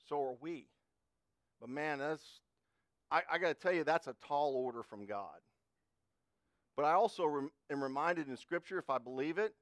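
A middle-aged man delivers a sermon in a folksy, chatty way, pausing and restarting as he tells a story from his own life. His voice sits a little higher than most men's. The sound is dry and close, with no room echo. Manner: folksy, conversational, repeats and restarts words. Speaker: preacher.

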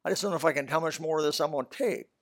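An older man preaching a sermon in a storytelling way, swinging between loud bursts and soft asides. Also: a little high, rapid-fire.

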